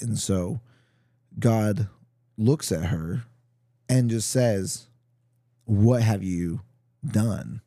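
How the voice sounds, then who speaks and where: A man hosting a podcast, reading a Bible passage aloud and then reflecting on it in a thoughtful, halting, casual way. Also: lowish voice, mellow, no room sound. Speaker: podcast host.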